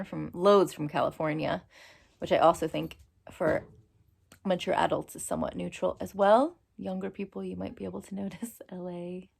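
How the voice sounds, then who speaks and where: A woman's voice: mid-range voice, creaky. A woman in her forties with an American accent, chatting casually in a vlog and laughing often. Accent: American, New Jersey. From United States. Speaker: vlogger.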